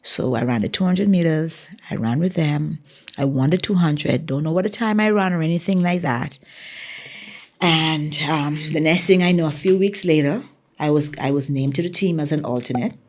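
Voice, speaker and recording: A Bahamian woman tells stories from her running career as an interview guest. Her voice sits fairly low, with a gravelly fry and a husky, breathy edge. She is an animated storyteller who acts out the dialogue. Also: moderate pace. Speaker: guest, former track athlete.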